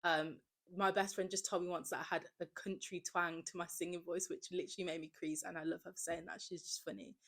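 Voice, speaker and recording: Chatty woman, lower voice. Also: level tone, fast talker. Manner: chatty, many "like" fillers, jumps between loud and soft. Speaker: podcast host. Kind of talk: casual confessional chat.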